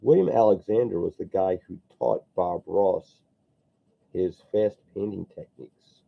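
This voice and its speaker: Gravelly low-voiced man rambling while sculpting. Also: measured pace. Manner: rambling, chatty, answers viewer comments. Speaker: sculptor streaming while working. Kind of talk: casual live-stream chat while sculpting. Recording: tinny phone-like audio.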